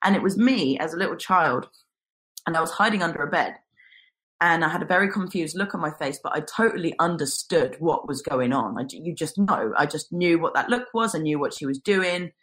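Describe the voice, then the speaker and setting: A young woman, a guest telling a personal story in an animated way and acting out what people said. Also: low voice, brisk. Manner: animated, acts out quotes.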